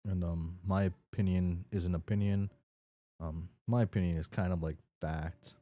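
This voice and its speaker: A man's voice: deep voice, steady tone, normal speed, mellow. A man streaming a game, talking casually and rambling as he recaps what he played. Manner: rambling, many fillers and restarts.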